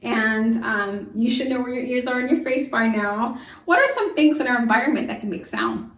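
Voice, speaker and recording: Lively woman teacher in an echoey room. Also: a little high, moderate pace, distant mic. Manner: lively, asks the class questions and answers them. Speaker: homeschool teacher. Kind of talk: children's science lesson to camera. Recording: echoey room, voice from away from the mic.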